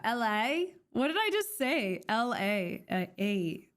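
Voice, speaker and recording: A woman's voice: fairly high pitch, very animated, slow, fairly bright tone. Rambling Canadian woman streamer. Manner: rambling, with many fillers and restarts. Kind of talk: casual live-stream chat.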